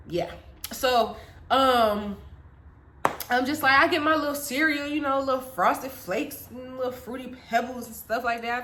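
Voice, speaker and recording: A young woman from the Caribbean telling a storytime vlog, chatty and talking straight to her viewers. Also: medium pitch. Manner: animated, chatty, addresses viewers directly. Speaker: vlogger. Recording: echoey room.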